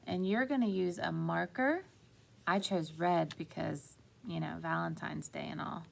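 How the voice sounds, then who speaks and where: A woman teaching young children a phonics lesson, slow and encouraging, stretching out words. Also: lowish voice, vocal fry.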